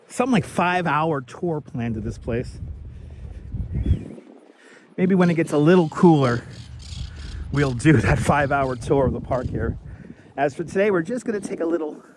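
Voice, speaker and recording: A man's voice: fairly high pitch, background noise. A man hosting a walking tour livestream outdoors in a city cemetery, chatty and greeting viewers by name, a little out of breath from walking uphill. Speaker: livestream host. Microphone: wireless clip-on mic.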